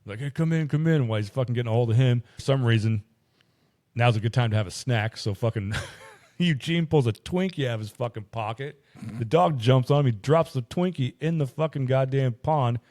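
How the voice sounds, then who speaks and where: A man hosting a podcast, casually retelling a movie as an animated, profane storyteller. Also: mid-range voice, fairly quick. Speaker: podcast host.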